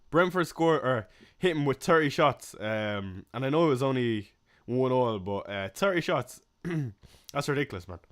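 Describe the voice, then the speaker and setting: A young man from Ireland hosting a live stream, chatting casually and answering chat questions in a rambling, relaxed way with lots of fillers. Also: mid-range voice.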